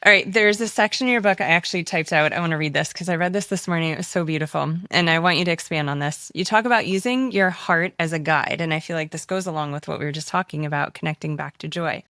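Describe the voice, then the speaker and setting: Woman host asking questions, kinda low voice, dry sound. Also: fast talker, hardly any pauses, sharp tone, no echo. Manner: asks questions, reads aloud from a book. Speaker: podcast host. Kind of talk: interview conversation.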